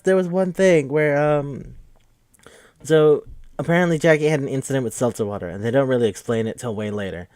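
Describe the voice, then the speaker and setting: A man talks through a film he loves in a loose, rambling recap. He swears freely and gets worked up, stumbling over restarts. His voice sits at an ordinary middle pitch, and the recording is dry and close, with no room sound. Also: brisk, no room sound. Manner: rambling, profane and excitable, with many fillers and restarts. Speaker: podcast host reviewing a film.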